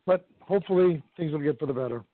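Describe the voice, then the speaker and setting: A man calls into a radio show and rambles on about the old days. His voice sits a little high. The line is dry and tinny, like a phone. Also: fast talker, dry recording. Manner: nostalgic, rambling. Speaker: caller.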